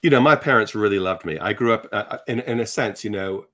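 A man with a fairly low voice, talking as a guest in an interview. He tells his stories in an animated, self-deprecating way, breaking off and restarting his sentences. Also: fairly quick. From Virginia, United States. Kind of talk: personal storytelling in conversation.

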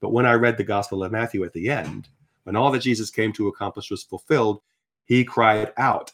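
Older guy in his 60s telling his faith story, lowish voice, gets animated and acts stuff out. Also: moderate pace. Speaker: guest sharing his testimony. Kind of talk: conversational faith testimony.

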